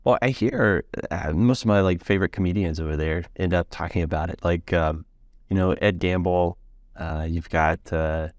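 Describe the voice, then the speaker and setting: Deep-voiced American man hosting a podcast. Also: moderate pace, darkish tone, no echo, clean studio sound. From United States. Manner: easygoing, joking, filler-heavy. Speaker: podcast host. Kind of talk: casual interview chat.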